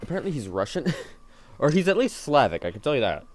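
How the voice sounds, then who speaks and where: A man's voice: medium pitch, sing-song, quick pace, a little mellow. A man streaming a game, rambling and joking to himself and his viewers in a tired, self-mocking way. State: yawning, tired. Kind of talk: casual gaming stream chatter.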